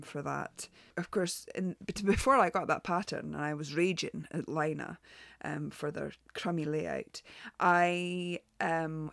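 A woman's voice: low-pitched, creaky, a bit bright, dry recording, studio quality. A woman hosting a knitting show, reviewing patterns in a chatty, frank way, full of ums and restarts. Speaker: knitting podcast host. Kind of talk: casual spoken review.

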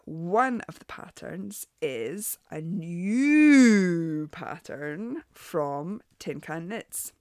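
A woman's voice: low-pitched, dry recording, clean studio sound. A woman hosting a knitting show, reviewing patterns in a chatty, frank way, full of ums and restarts. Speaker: knitting podcast host. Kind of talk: casual spoken review.

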